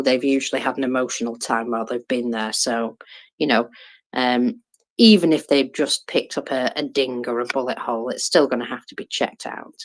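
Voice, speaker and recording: A woman co-hosting an online audio chat about war news, halting with fillers and restarts, with dry sarcasm. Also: rumbling low. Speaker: co-host commenting on war news. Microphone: Twitter Space audio.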